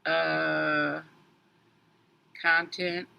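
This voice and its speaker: A woman's voice: deep voice, little pitch movement, drawn-out words, vocal fry, smooth, dull audio. A woman tarot reader in a casual livestream chat, rambling and talking straight to her commenters with emphatic asides.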